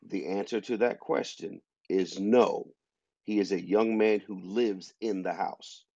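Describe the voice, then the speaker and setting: Husky, emphatic man arguing his point. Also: deep voice, fairly even intonation, a little slow, warm tone, no echo. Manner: emphatic, argumentative. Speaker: podcast host. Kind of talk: opinionated discussion. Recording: dull lo-fi sound.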